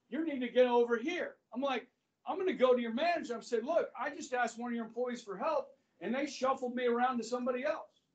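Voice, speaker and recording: High-voiced teacher telling a story in class. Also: male voice. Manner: chatty, keeps checking in with "okay?". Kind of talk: classroom lecture with anecdotes. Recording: distant, muffled classroom recording.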